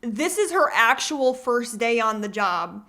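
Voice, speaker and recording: Bright, sarcastic woman reacting to clips. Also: fairly high pitch. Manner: sarcastic, animated, quick to laugh. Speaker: commentary host. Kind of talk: reaction commentary.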